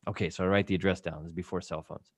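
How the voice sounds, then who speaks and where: A man's voice: sits low, rapid-fire, husky, dry recording. Man telling a wild story, dry sound. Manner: lively anecdote telling, acting out quoted people; frequent swearing. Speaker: podcast guest. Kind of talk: casual storytelling.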